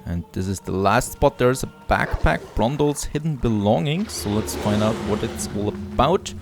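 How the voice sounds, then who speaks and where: Man, let's play host, casual upbeat gameplay commentary, gravelly voice, faint game music. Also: fairly low pitch, lively intonation, normal speed. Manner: upbeat, admires the scenery aloud.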